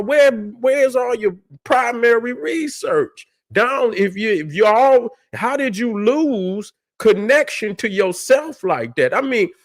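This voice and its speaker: A man rants on a livestream. He is heated and profane, repeats his points and keeps firing rhetorical questions at his listeners. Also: high-pitched. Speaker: livestream host. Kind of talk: heated casual rant.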